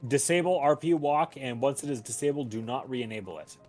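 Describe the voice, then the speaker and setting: A man's voice: mid-range voice, fairly quick, a little mellow, soft background music. A man chatting casually while playing a game with friends, laid-back and given to dry remarks. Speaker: co-player. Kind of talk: casual chat while gaming.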